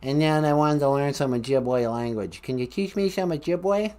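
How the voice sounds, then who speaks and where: A woman's voice: sits low, normal speed, darkish tone, close to an everyday voice. A woman doing a cocky Columbus caller. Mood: breezy. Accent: Boston. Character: brash male explorer caller, Christopher Columbus. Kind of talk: comedy call-in bit.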